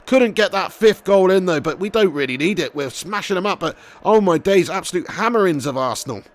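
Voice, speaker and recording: Casting note: young man, fairly high voice, excitable streamer with cheeky football banter. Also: fairly quick. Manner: excitable, swears freely, shouts at goals. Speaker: streamer playing a football career mode. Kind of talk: live gaming commentary and chat reading.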